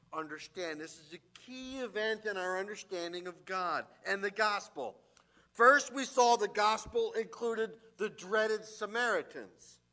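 A man's voice: high voice, pushed and bright. A man preaching a sermon, reading scripture aloud and breaking off into joking asides, growing emphatic as he makes his points. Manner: reads scripture then adds joking asides. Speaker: pastor.

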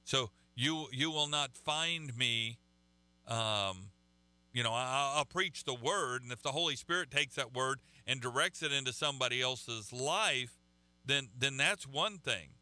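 Man, preacher, sermon, bright tense voice, dry close sound, mains hum. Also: medium pitch, no room sound. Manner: halting, repeats words, conversational preaching.

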